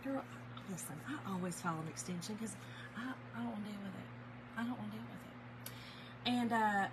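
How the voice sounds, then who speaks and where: A woman's voice: medium pitch, normal speed, long pauses, a little hiss or hum, low-quality recording. A middle-aged woman chatting animatedly with viewers on a live stream, laughing often. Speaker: small business owner hosting a live stream. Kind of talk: casual live-stream chat.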